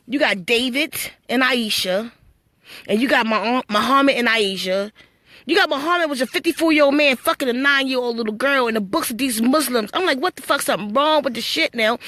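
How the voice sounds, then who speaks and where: A woman's voice: sits high, bright, forceful tone, no room sound. A woman telling her spiritual story to live-stream viewers, blunt and full of swearing, preachy and storytelling. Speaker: livestream host.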